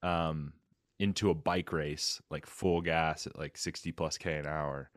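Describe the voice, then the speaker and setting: Very deep-voiced man, dry close sound. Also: a little slow, no room sound. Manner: animated retelling with quoted voices, filler-heavy. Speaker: podcast host, fellow cyclist. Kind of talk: casual chat.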